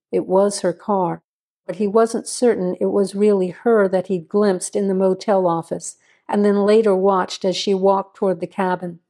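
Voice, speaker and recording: Woman narrating a story, mellow tone. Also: medium pitch.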